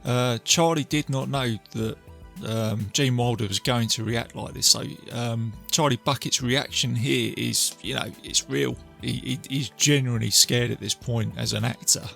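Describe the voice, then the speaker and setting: A man hosts a podcast and retells a film's plot in a loose, rambling way, stopping to restart and filling gaps with "um." His voice is gravelly with a bright, forward tone, at a middle pitch. Faint music plays behind him. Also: fairly even intonation, moderate pace, hardly any pauses. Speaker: podcast host. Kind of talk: casual film recap.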